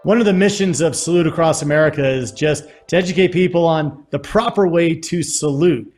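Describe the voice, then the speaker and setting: A man's voice: a little high, fairly quick, darkish tone, faint music behind. A male host running an interview, speaking fluently and upbeat. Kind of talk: interview hosting.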